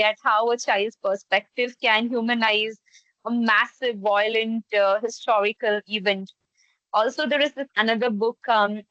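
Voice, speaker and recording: A woman's voice: fairly high pitch, a bit bright, dry recording. A young woman who studies literature, recommending books enthusiastically with plenty of fillers. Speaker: literature student. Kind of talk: casual discussion. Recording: dull dry lo-fi sound.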